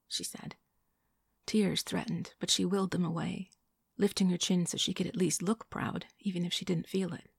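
Husky-voiced woman narrating a novel. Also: fairly low pitch, no echo, clean studio sound. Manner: even, measured storytelling. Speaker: audiobook narrator. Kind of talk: scripted narration.

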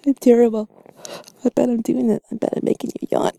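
A woman in a whispered role-play, talking softly and teasingly to the listener as her bed partner. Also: a little high, flat delivery, brisk, creaky, dry recording. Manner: soft, teasing and playful, often whispering. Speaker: ASMR creator.

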